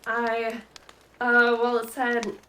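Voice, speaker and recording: A woman voicing a brainy teenage girl reciting in a hesitant, halting way in a storybook reading. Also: fairly high pitch, monotone, a bit bright, slight background noise, pitched above the performer's own voice, poor audio.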